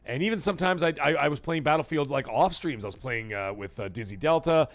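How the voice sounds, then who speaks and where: A man hosting a live gaming talk show, chatting casually and thanking viewers from chat in a rambling, animated way. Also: on the high side, quick pace, soft background music. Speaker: livestream talk show host.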